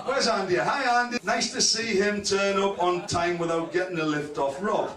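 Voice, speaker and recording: A man with a high-sitting voice at a moderate pace hosts a club awards night, cracking crude, swear-laden roasting jokes and laughing through them. The recording in the club function room is very noisy and echoey, his voice far from the mic. Loud laughter rises from the audience.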